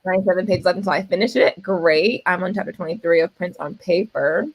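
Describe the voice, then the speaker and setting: A woman's voice: on the low side, quick pace, no room sound. A young woman with an East Coast American accent co-hosting a livestream, chatty and self-teasing, laughing often. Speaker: readathon co-host. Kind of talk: casual livestream chat.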